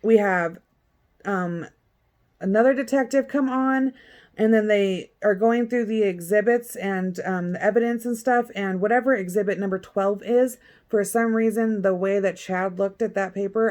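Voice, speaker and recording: A woman's voice: medium pitch, moderate pace, darkish tone. Blunt, sarcastic woman vlogger. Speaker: vlogger recapping a court hearing. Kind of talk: casual chat.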